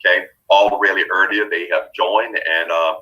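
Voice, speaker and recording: A man's voice: low-pitched, steady tone, moderate pace, sharp tone, highs cut off. A man hosting a business conference call, greeting people as they join with repeated upbeat thanks. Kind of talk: welcoming callers before a live call.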